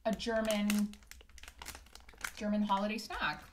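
A woman's voice: medium pitch, flat delivery, a little slow, background noise. A young woman from Canada co-hosting a snack tasting video in a playful, exclaiming casual chat. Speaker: co-host of a snack tasting channel.

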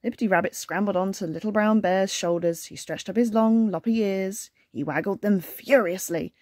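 A woman reading bedtime stories aloud at home to toys, in a lively, cheerful read-aloud voice. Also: mid-range voice, normal speed, no room sound, studio quality. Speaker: storyteller. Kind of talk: bedtime story reading with chatty asides.

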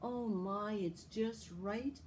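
A woman voicing a tired, hungry, fussy little girl in a read-aloud fairy tale, in a drawn-out, sighing storytelling voice. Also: mid-range voice, steady tone, a little mellow, a little hiss or hum, close to an everyday voice.

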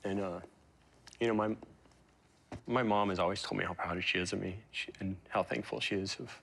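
Low-voiced man, halting and emotional. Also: fairly even intonation, gravelly, a bit bright, slight background noise. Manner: emotional, halting, many fillers and restarts. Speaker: interview guest, pro surfer. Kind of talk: reflective interview storytelling.

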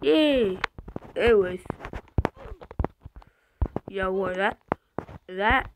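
A woman playing an online game, slightly hoarse from being sick, excitedly calling out what happens on screen. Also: medium pitch, very slow, background noise. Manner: excitable, shouting out reactions to the game. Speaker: gamer.

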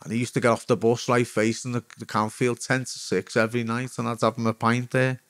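A man's voice: medium pitch, flat delivery, a little fast, a bit bright, dry recording, clean studio sound. A man in his forties with a Liverpool accent, a former footballer telling his story as a guest in frank, rambling talk full of swearing. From Liverpool, England. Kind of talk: candid storytelling.

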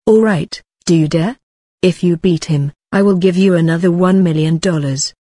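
A woman's voice: lowish voice, normal speed, mellow, no room sound, studio quality, close to an everyday voice. A woman voicing a scornful young woman who taunts and needles in a story reading.

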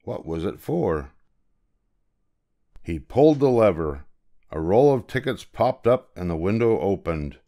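An older man narrating a children's picture book aloud in a gentle, expressive storytelling manner. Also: sits low, measured pace, long pauses.

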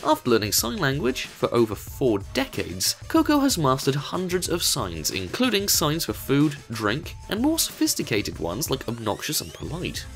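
A man's voice: medium pitch, huge pitch swings, normal speed, few pauses, a bit bright, faint music behind. A man narrating a fact video from a script in an upbeat way, with playful asides.

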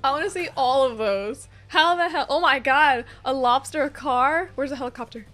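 A woman hosting an anime reaction video, chatting casually and breaking into gasps, laughs and loud exclamations. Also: sits high, normal speed, soft background music. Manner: excitable, gasping, laughing and exclaiming often. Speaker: anime reaction channel host.

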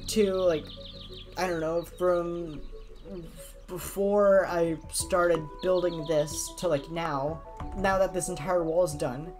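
Woman, lowish voice, casual rambling gameplay commentator, heavy on fillers. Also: darkish tone. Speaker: gameplay video creator. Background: game music.

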